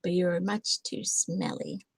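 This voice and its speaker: A woman's voice: on the low side, huge pitch swings, unhurried, breathy edge, dry recording, studio quality, exaggerated voice. An older woman voicing a bossy, cheerful female bear in a storybook, teasing and insistent. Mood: sweet. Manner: insistent, teasing, sing-song.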